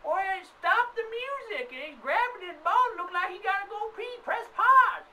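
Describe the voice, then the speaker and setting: A squeaky, scandalized old lady, as a man puts her on in falsetto, dragging out every complaint. The sound is thin and set back from the mic, with a faint noise underneath. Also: expressive, measured pace, distant mic. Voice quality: high squeaky falsetto, drawn out. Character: shrill fussy old lady in an audience.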